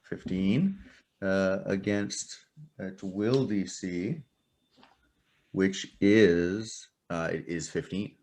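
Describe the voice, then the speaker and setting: Male game master, low-ish voice, halting delivery with many fillers, casual tabletop session. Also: darkish tone.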